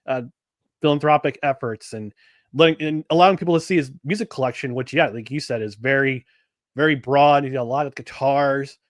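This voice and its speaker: A man's voice: mid-range voice, a little fast, dry recording, clean studio sound. A man co-hosting a sports podcast in casual chat, rambling with lots of restarts and fillers. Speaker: podcast co-host.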